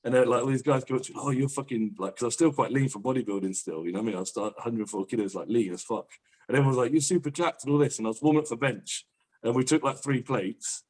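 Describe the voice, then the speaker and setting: Fast-talking young man telling stories. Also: medium pitch, darkish tone. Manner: fast, swearing, laughing anecdotes. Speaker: podcast guest, powerlifter. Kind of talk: casual chat, storytelling.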